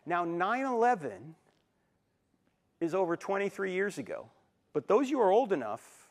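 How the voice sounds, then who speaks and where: Animated man in his sixties lecturing. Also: fairly high pitch. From New Jersey, USA. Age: 60s. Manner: animated storyteller, acts out quotes and jokes. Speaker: Christian apologetics speaker. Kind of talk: live lecture to an audience. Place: university auditorium with a live audience.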